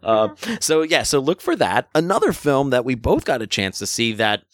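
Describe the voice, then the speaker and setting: A man's voice: medium pitch, big pitch swings, moderate pace, no room sound, clean studio sound. A man hosting a casual film review chat, enthusiastic and full of jokey asides. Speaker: film review podcast host.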